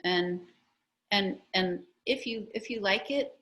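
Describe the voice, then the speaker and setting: A woman's voice: medium pitch, takes it slowly, a bit bright, low-quality recording. A woman author chatting about her memoir in a video-call interview, telling stories animatedly with lots of restarts and asides.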